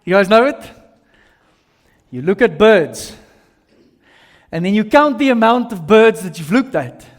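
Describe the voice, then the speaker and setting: A man preaches from the pulpit, his voice sitting fairly high as he spins lively stories peppered with casual slang. The sound hangs in the long reverb of a large church hall. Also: unhurried, pauses often. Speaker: pastor. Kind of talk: sermon.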